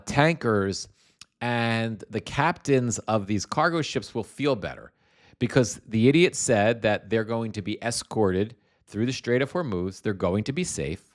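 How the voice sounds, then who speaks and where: Profane, rambling male stream host. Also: medium pitch. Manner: profane, rambling, with frequent restarts and asides. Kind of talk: casual political commentary livestream.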